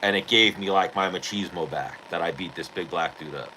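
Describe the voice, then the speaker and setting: A man hosting a podcast, telling a rough story in a low, forceful, bright voice. He is profane and animated, with a faint hiss of noise behind him. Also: fairly quick, rough recording. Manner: profane, animated retelling of a street fight. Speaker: podcast host. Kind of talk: casual storytelling.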